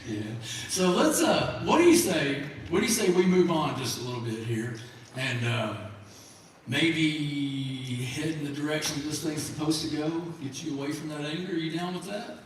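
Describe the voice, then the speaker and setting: A man's voice: a little high, animated, normal speed, slight background noise. A man speaking in an easygoing, folksy way, chatting on a live stage. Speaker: program staff speaker. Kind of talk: casual stage banter. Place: large hall, live show. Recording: echoey hall from far off.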